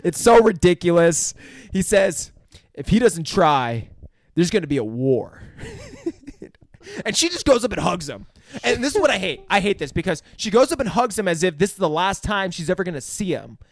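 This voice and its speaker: Animated, profane young man reviewing a film. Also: sits high, normal speed, creaky, dry recording, studio quality. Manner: profane, animated, acts out scenes in quoted voices. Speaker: podcast co-host. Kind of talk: casual movie review chat.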